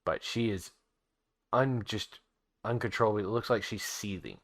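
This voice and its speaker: A man narrating as game master, chatty, laughing often and dropping his voice low to narrate. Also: normal speed, fairly bright tone.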